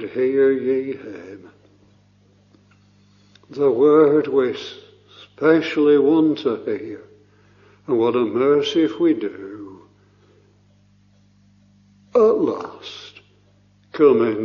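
A man preaching a sermon slowly and solemnly, often pausing with "uh" and rising in fervour, on a muffled, low-fidelity recording.

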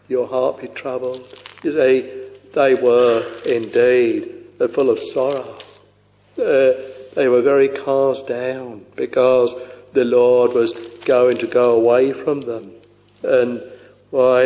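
A man preaching a sermon, reading scripture in a slow, halting way with many pauses and fillers, dropping to a hushed voice on quoted verses. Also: mid-range voice. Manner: slow, halting delivery with frequent uh and you know. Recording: dull lo-fi recording with long hall reverb.

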